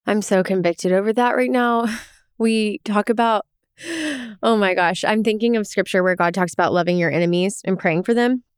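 A young woman co-hosting a faith podcast, telling a personal story in a candid, animated way with quoted asides. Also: medium pitch, normal speed, smooth, no echo, clean studio sound. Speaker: podcast co-host. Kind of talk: casual faith podcast chat.

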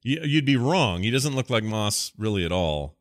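A man hosting a podcast, chatting casually, relaxed and rambling with easy laughs. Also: on the low side, moderate pace, no room sound, clean studio sound. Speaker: podcast host.

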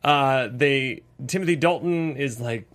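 A man in his thirties co-hosting a casual movie review podcast, animated and acting out quotes in silly voices. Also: mid-range voice, unhurried. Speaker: podcast co-host.

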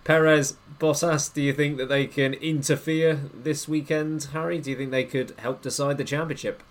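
A man's voice: a little high, steady tone, normal speed. A man hosting a podcast, putting questions to his co-hosts in a wry, teasing way. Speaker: podcast host. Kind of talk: casual podcast chat.

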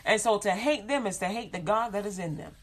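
A woman giving an informal sermon, animated, acting out quoted voices and laughing often. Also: mid-range voice, a little fast.

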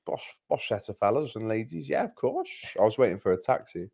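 A young man hosting a football podcast, chatting casually in an upbeat way, telling stories and giving shout-outs. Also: on the low side, huge pitch swings, brisk, vocal fry, breathy edge. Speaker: podcast host.

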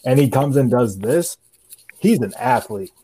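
A man's voice: mid-range voice, lively intonation, a little slow, mellow, husky, low-quality recording. A man on a podcast, arguing football with enthusiastic, insistent fan talk. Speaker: podcast co-host. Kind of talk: casual chat about football.

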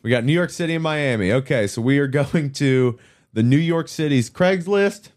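A man's voice: on the high side, lively intonation, normal speed, a little mellow. A young man co-hosting a podcast, chatting casually and making dry jokes. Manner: wry, reads posts aloud with dry jokes. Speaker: podcast co-host. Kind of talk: casual chat.

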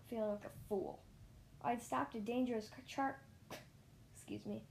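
A woman's voice: a little high, normal speed, slight background noise. Woman reading a children's story aloud. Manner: lively first-person storytelling with small slips. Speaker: narrator.

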